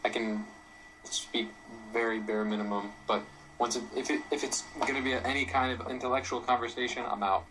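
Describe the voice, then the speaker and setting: A man's voice: medium pitch, fairly even intonation, brisk, fairly bright tone, low-quality recording. Chill young guy, mid voice, bit of faint hiss. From United States. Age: young adult. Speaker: co-host. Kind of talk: casual football chat.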